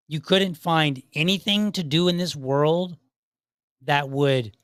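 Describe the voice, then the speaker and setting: A man's voice: on the high side, no room sound, studio quality. A man hosting a podcast, commenting sarcastically on clips and acting out imagined back-and-forth dialogue. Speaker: podcast host.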